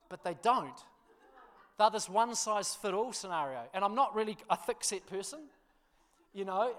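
A man preaching, telling a funny personal story with laughter before turning to a quieter sermon. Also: high-pitched. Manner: animated storyteller, laughs through the tale, drops quiet for scripture. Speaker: pastor.

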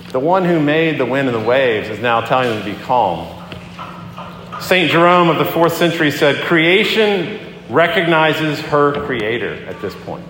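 A man preaching a sermon as a pastor, talking in a conversational, animated way as he tells a story and acts out the quotes. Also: a little high, slight background noise. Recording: echoey hall with long reverb.

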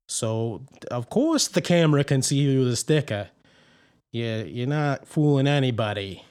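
A man with a cold and a sore throat, ranting excitably about far-fetched conspiracies on a comedic podcast. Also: medium pitch, unhurried, clean tone. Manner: excitable, ranting, earnest mock-conspiracy talk. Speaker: podcast co-host playing a conspiracy theorist. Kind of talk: comedic improvised podcast bit.

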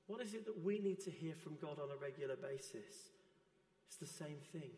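Earnest preacher in an echoing hall. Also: male voice, fairly high pitch, animated, normal speed, darkish tone. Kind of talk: sermon. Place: church hall.

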